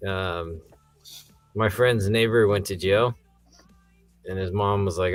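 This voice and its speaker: Low-voiced young man telling rambling stories. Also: steady tone, measured pace, pauses often, dry recording, soft background music. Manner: rambling anecdotes, jumps high in pitch when he gets worked up. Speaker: podcast co-host. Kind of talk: casual movie review chat.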